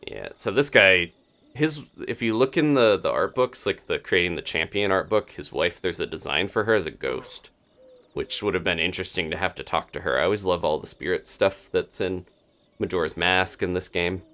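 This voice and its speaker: Chatty low-voiced male game streamer. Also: moderate pace, bright, forceful tone. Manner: chatty, laughs often, talks to viewers while playing. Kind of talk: casual live-stream gameplay commentary.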